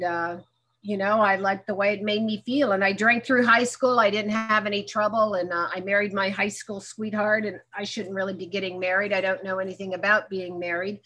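Her voice mid-range and sharp-toned, a woman gives frank personal testimony at a recovery meeting. She acts out dialogue from memory and jokes at her own expense.

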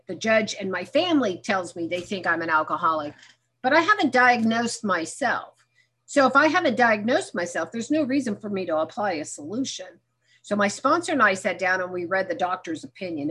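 A woman's voice: medium pitch, a bit bright, breathy edge. A middle-aged woman candidly telling her own recovery story, mixing humor into a personal testimony.

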